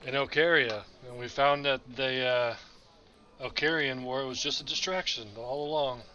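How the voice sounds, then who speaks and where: A man's voice: medium pitch, steady tone, moderate pace, sharp tone, muffled recording. A man playing a tabletop game, talking casually in and out of character. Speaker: player.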